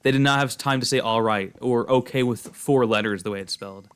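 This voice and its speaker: A young male streamer chatting loosely with his viewers while he plays. He rambles, trips over his words and restarts often, filling gaps with "like". His voice sits at an ordinary middle pitch. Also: a little fast, smooth. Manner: rambling, many fillers and restarts. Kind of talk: casual chat while gaming.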